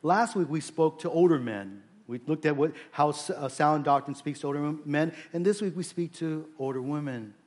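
A man in his forties, a pastor praying and then preaching, earnest and halting, often restarting his sentences. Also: fairly high pitch, darkish tone. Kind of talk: prayer and sermon.

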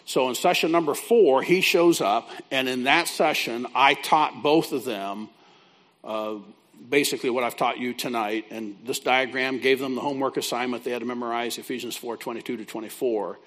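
A man's voice: medium pitch, normal speed, a bit bright. A man who works as a biblical counselor, teaching a class by telling a folksy, conversational story. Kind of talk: teaching through a told story.

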